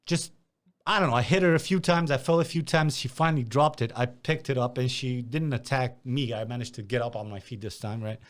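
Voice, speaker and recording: A young man from Romania hosting a casual podcast chat. His voice sits at a middle pitch, and he tells the story with lively energy and frequent swearing. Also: brisk. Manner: animated storytelling, swears freely, laughs. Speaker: podcast host.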